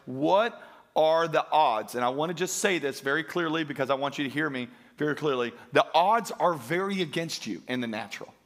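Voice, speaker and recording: A man's voice: on the high side, a bit bright. A man preaching a sermon to a church congregation, emphatic and driving, calling out for praise in call-and-response. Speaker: pastor. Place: church sanctuary.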